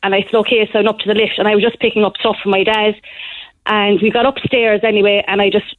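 A young woman calling in to a radio show, telling a story in an animated, breathless rush. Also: mid-range voice, fast talker, no echo. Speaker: caller. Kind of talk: phone-in call to a radio show. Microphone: phone. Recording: tinny phone line.

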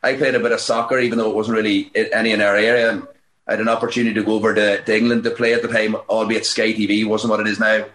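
A man's voice: on the low side, flat delivery, fairly bright tone, echoey room. A man in his forties from Fermanagh with a Northern Irish accent, a guest coach telling stories in a casual interview, full of restarts and chuckles. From Fermanagh, Northern Ireland. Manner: rapid storytelling, many restarts and chuckles. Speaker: guest, Gaelic football coach.

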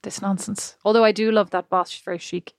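A woman's voice: mid-range voice, steady tone, brisk, no room sound, clean studio sound. A woman co-hosting a podcast, chatting casually and rambling, laughing often. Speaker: podcast co-host. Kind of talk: casual chat.

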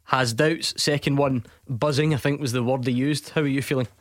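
Radio host, dry studio sound. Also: male voice, mid-range voice, fairly even intonation, dry recording. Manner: brisk, teasing, laughs easily. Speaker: radio sports phone-in host. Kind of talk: casual radio chat. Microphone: studio microphone.

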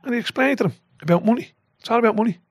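Guest: older Irish man, high-pitched and animated, sweary storyteller, dry close mic. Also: racing, no room sound. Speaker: podcast guest, former football manager. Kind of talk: casual storytelling chat.

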